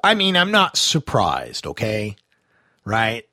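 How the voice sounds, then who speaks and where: A man hosting a talk radio show, delivering an animated, sarcastic monologue with plenty of fillers and asides. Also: fairly low pitch, slow pace, no echo, studio quality.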